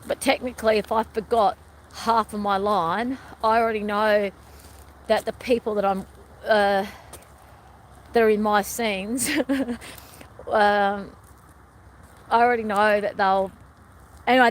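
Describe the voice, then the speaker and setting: A woman's voice: mid-range voice, a little hiss or hum. Chatty middle-aged woman rambling to viewers. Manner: chatty and meandering, often addresses viewers as everyone. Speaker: wellness vlogger. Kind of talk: rambling live-stream chat.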